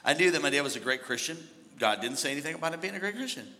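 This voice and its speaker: A man preaching a sermon as pastor, moving between hushed storytelling and shouted exhortation. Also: a little high, animated, racing, in a large hall. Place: large church.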